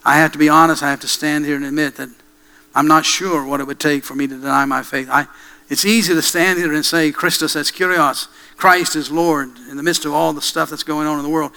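Male preacher, sermon storyteller, bright crisp tone, dramatic pauses. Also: on the high side, fairly even intonation, poor audio. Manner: dramatic, with hushed pauses and slow emphatic repetition.

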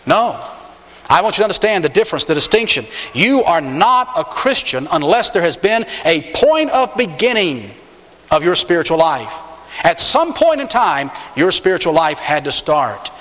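Emphatic preacher in a reverberant hall. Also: male voice, sing-song, normal speed, fairly bright tone. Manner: emphatic preaching, swings pitch up on key words. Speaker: pastor. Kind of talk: sermon.

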